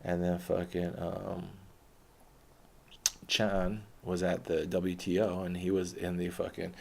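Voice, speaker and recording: A man's voice: low voice, monotone, slow pace, vocal fry, a little mellow. A man rambling through a profane, laughing monologue as a podcast host, swearing constantly.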